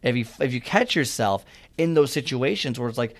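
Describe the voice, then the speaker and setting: A young man speaks quickly at a medium pitch, giving casual, earnest advice about a fitness mindset. He rambles and keeps restarting his sentences in this motivational monologue.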